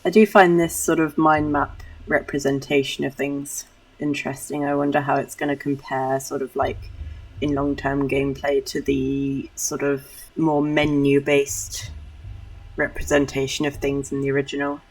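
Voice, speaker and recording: A woman's voice: very deep voice, little pitch movement, moderate pace, distant mic, low-quality recording. A woman streamer giving casual, rambling gameplay commentary, musing aloud and apologizing for herself. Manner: rambling, musing, self-deprecating. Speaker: game streamer.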